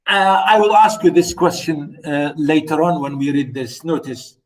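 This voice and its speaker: Male lecturer with a high voice, repeats points and quizzes the class; recorded from across the room. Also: normal speed, few pauses. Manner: repetitive, rhetorical questions, many "you know"s. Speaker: literature lecturer. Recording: voice from far off the mic.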